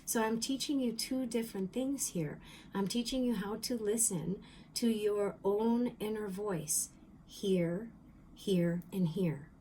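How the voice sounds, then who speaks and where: An earnest woman speaks straight to her viewers in a spiritual teaching vlog. She circles back over her own phrases and sinks into a soft whisper when a point matters most. Her voice sits in an ordinary middle range, with a faint hum of the room behind her. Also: medium pitch, slow. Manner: earnest and heartfelt, drops into soft whispers for emphasis; repeats phrases and restarts mid-thought. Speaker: spiritual medium.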